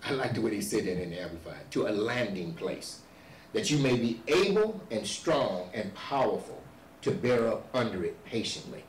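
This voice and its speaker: A male pastor preaching a sermon, building to shouted emphasis and repeating himself to drive points home. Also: on the low side, very animated, normal speed, a little hiss or hum. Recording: echoey church hall, voice from far off.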